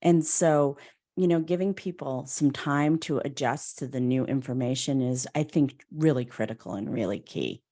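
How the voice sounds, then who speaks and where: A middle-aged woman hosting a casual interview, chatting warmly and laughing now and then. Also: extremely low pitch, moderate pace. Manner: warm, chatty, often laughs and acts out quoted voices. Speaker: podcast host.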